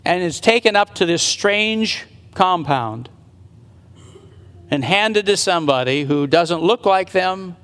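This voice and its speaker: Slow and expressive, a man's high-sitting, slightly bright voice carries a sermon in which he earnestly retells a Bible story and speculates out loud about what happened. The long reverb of a large hall surrounds the recording.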